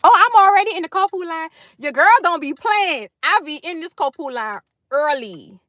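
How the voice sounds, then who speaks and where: High-voiced woman chatting live from her car. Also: expressive, moderate pace, a bit bright, no echo, studio quality. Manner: effusive, chatty, greets viewers by name. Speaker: livestream host. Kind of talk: casual live chat with viewers. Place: parked car in a school carpool line.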